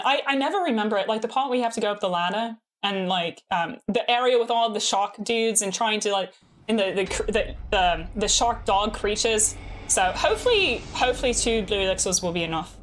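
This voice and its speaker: A young woman, chatting casually with her live chat while gaming, bubbly and quick to laugh. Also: medium pitch, expressive, a little hiss or hum. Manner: bubbly, laughs often, reads chat aloud. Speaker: streamer.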